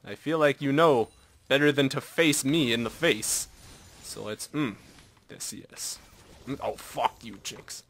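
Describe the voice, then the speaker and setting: A young man giving casual live commentary over his own game, excitable and self-mocking, dropping to mutters and jumping to yelps. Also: medium pitch, measured pace. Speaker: gameplay commentator.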